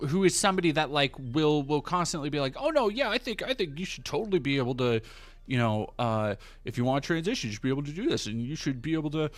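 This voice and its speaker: Male streamer, casual and profane, stops and restarts a lot, average pitch. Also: a bit bright. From United States. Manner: rambling, profane, many fillers and restarts. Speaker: livestream host. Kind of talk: casual livestream commentary.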